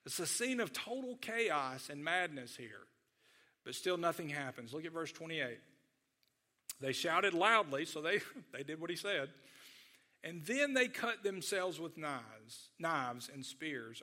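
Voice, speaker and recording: A man's voice: a little high, bright, forceful tone. A man preaching a sermon, teaching conversationally with frequent restarts. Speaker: pastor.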